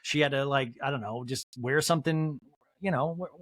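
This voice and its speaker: A man's voice: medium pitch, a little fast, a bit bright, dry recording, clean studio sound. A man hosting a podcast, recapping reality TV with snarky, joking asides. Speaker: podcast host. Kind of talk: comedic TV recap.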